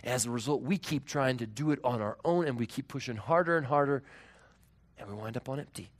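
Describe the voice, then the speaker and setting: A man in his thirties preaching a sermon as pastor, earnest, moving between raised emphasis and hushed, tender tones. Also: medium pitch, brisk.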